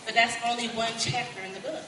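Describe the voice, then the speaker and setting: A lively, folksy woman pastor in her 40s with a Kentucky accent preaches a conference sermon in a large hall, calling out to the crowd. Her voice is a little high and she talks fast, while the recording is echoey, distant and noisy.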